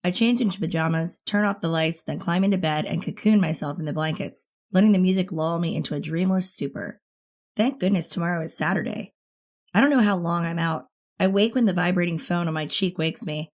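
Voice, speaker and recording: A woman narrating a first-person teen thriller audiobook in an expressive, intimate way. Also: on the low side, a little fast.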